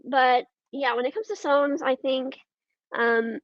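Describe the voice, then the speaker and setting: High-pitched woman guest, lots of ums, hesitant rambly chat, dry slightly muffled audio. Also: takes it slowly, dry recording. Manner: hesitant, full of ums and trailing thoughts. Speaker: podcast guest. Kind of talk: casual conversation.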